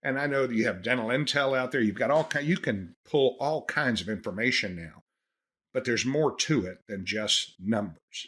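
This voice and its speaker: A man's voice: medium pitch, animated, moderate pace, a bit bright, husky. A man, a dentist hosting a podcast, talking through a casual, earnest monologue with frequent restarts. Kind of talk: casual monologue on practice management.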